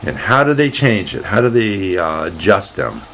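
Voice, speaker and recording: A man hosting a casual solo talk show, reading aloud haltingly with lots of fillers and restarts, and a dry, deadpan humor. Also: low-pitched, slight background noise. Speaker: host.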